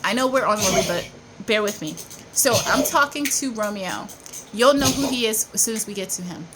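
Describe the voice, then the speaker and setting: A woman's voice: medium pitch, expressive, fairly quick, very noisy. A woman vlogging in casual storytelling mode, emphatic and repetitive, insisting again and again that she is telling the truth.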